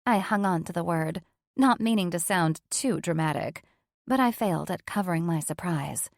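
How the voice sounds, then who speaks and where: A woman's voice: fairly low pitch, animated, moderate pace, creaky, no room sound. A woman reading a first-person audiobook in a frank, sardonic, unfiltered way, on a close studio mic. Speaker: audiobook narrator.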